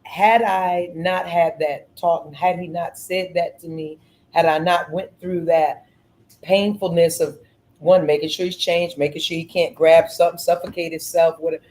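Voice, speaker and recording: A middle-aged woman hosting a podcast, telling stories in an earnest, animated way and repeating phrases. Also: fairly low pitch, moderate pace, poor audio. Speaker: podcast host. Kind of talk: casual storytelling chat.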